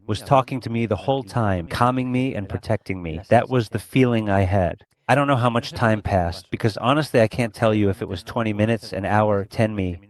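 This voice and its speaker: A middle-aged man from Spain tells a deeply personal story as an interview guest. His voice sits a little low, and he speaks in an earnest, reflective way with feeling. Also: darkish tone. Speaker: guest recounting a near-death experience.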